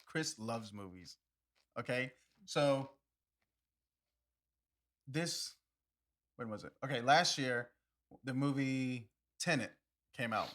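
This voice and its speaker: A man's voice: medium pitch, takes it slowly, long pauses, fairly bright tone. A man co-hosting a casual podcast with his wife, talking in an enthusiastic, rambling way with lots of fillers and restarts. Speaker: podcast co-host. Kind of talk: casual chat.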